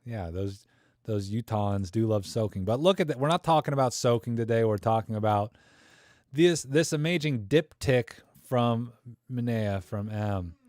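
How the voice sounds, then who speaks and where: Male livestream host, mid-pitched, chatty and enthusiastic, rambling and slangy, close dry sound. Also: moderate pace, darkish tone, dry recording. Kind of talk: casual live Q&A chat.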